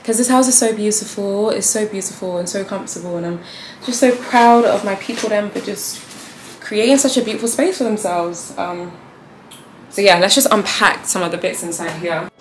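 A woman's voice: mid-range voice, normal speed. A young woman talking casually to her viewers in a chatty vlog. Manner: chatty and animated, talks to viewers. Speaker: vlogger. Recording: echoey room with noise.

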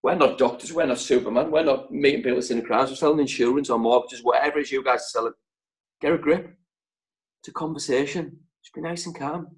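A man leading a sales training session over a video call, speaking in short, punchy phrases with deliberate pauses. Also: mid-range voice, low-quality recording. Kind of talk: motivational training talk.

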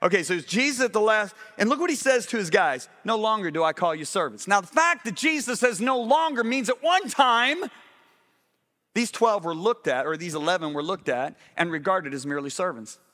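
Middle-aged guy preaching, fairly high voice, lively, keeps checking the crowd is with him. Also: brisk. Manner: animated, questioning the congregation. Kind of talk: sermon.

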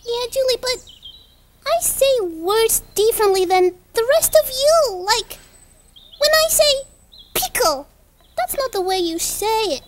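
A high, hurt little puppet girl. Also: expressive, a little slow, very noisy. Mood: earnest. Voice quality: speaks words differently from her friends. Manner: hesitant and hurt. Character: young girl puppet, self-conscious about her speech. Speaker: puppet character. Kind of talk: children's TV puppet show acting.

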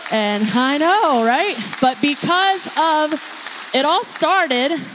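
A young woman giving a personal testimony in church, telling her story in an animated way and acting out what others said. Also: mid-range voice. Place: church sanctuary. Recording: long reverb of a church hall.

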